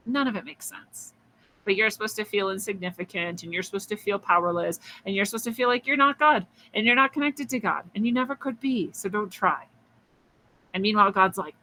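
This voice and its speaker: Bright-voiced woman rambling through a spiritual story on her podcast, lots of likes and little laughs. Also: mid-range voice, a little fast, low-quality recording. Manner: musing, chatty, laughs often, many likes and restarts; acts out quoted voices. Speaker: podcast host.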